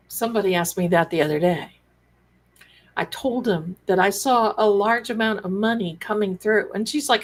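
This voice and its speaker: Woman, live-stream host, chatty, animated, acts out dialogue, mid pitch. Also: normal speed, rough recording. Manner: chatty, animated, acts out quoted dialogue, calls viewers darlings. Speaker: psychic and tarot host. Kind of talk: live-stream spiritual talk.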